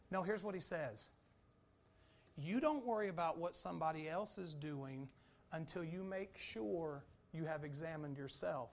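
A man preaching a sermon, swinging between loud, urgent emphasis and quiet, low asides. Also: unhurried, gravelly.

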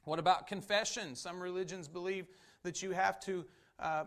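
A man's voice: high voice, normal speed, fairly bright tone. A man preaching a sermon as a Baptist pastor, emphatic and repetitive. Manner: emphatic preaching with repeated phrases.

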